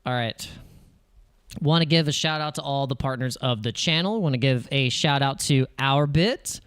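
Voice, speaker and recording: A man hosting a crypto channel, talking over charts in casual, excitable commentary and acting out panicky investor voices. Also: mid-range voice, moderate pace, clean tone, dry recording.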